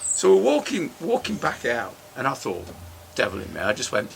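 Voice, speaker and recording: A man's voice: mid-range voice, huge pitch swings, normal speed, gravelly, slight background noise. A man in casual, sweary chat, telling a story and acting out both sides of it. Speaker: storytelling co-host. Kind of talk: casual pub-style chat.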